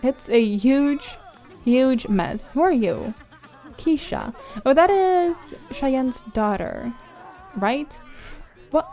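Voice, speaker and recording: A young woman chatting bubbly and excited over her life-simulation gameplay, laughing and gasping often. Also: high-pitched, very slow, faint music behind. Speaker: gameplay commentator. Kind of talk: casual gameplay commentary.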